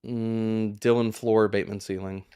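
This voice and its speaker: A man co-hosting a live Q&A, teasing the host and giving quick verdicts. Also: lowish voice, flat delivery, dark tone, clear, resonant tone. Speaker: co-host analyst. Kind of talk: live stream Q&A chat.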